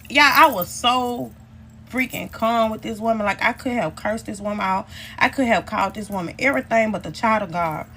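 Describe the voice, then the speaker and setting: A woman. Her voice is high, bright and sharp, and it swings widely up and down. She is profane and exasperated and keeps talking to her viewers as y'all. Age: 30s. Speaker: storyteller. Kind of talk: casual storytime vlog.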